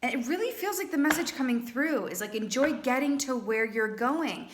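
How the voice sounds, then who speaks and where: A woman's voice: high voice, lively intonation, normal speed. Chatty, playful woman reading tarot. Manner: chatty, playful, with frequent "right?" asides. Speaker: tarot reader. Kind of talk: casual tarot reading monologue.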